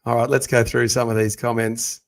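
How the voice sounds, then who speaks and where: A man hosting a casual sports watch-along, chatting and reading out viewer comments in a loud, booming voice. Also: flat delivery, fairly quick, vocal fry. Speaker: podcast host.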